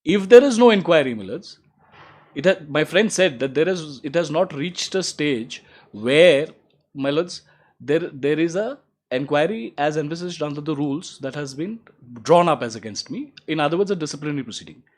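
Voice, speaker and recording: A man's voice: lively intonation, moderate pace. A man, an advocate replying to opposing counsel in court, formal and emphatic, with "my lords" threaded through his argument. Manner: formal and emphatic, repeats "my lords", rises in pitch to stress points.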